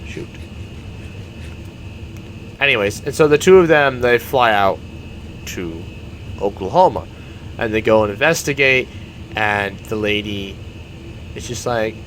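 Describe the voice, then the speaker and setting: A man's voice: on the low side, lively intonation, unhurried, pauses often, fairly bright tone, slight background noise. A man, a gaming YouTuber, giving casual, rambling commentary while he plays a game. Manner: rambling, meandering storytelling.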